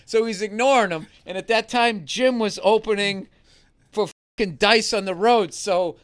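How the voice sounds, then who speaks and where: Comedian guest, high bright voice, animated, profane podcast banter. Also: male voice, moderate pace. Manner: animated storytelling, swears often. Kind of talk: casual podcast chat.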